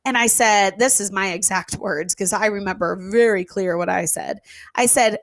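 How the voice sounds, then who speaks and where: A woman who runs an event venue tells a casual story, animated and emphatic, with fillers and the odd swear word. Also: medium pitch, normal speed, no echo. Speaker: venue owner.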